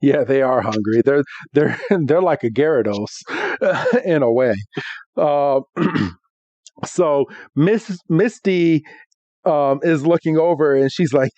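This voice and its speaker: Higher-voiced man chatting on a podcast. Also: lively intonation, slow, a little mellow, no echo. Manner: laughs often, acts out characters' lines. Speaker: podcast co-host. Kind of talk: casual chat recapping an episode. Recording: dull, muffled podcast audio.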